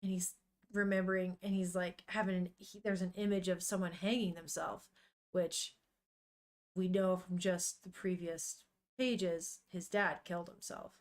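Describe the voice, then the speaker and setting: A woman's voice: fairly low pitch, little pitch movement, measured pace. A young woman streamer chatting casually and emotionally while reading a comic aloud, swearing now and then. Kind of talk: casual live-stream commentary.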